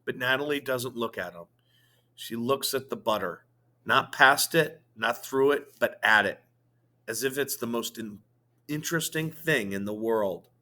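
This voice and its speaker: A male teacher reading a novel aloud to his students, slowly and expressively, with filler words. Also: medium pitch, bright, forceful tone.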